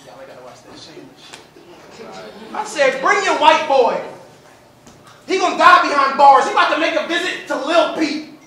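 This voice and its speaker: A man from Florida performing a battle rap with a brash, taunting delivery and shouted punchlines. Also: very high voice, big pitch swings, moderate pace, pauses often. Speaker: battle rapper. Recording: echoey room, mic far off.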